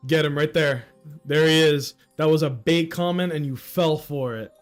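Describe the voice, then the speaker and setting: A man's voice: fairly high pitch, fairly even intonation, moderate pace, soft background music. A man livestreaming a story game, chatting casually in laid-back slang and laughing easily. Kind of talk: casual game stream reaction.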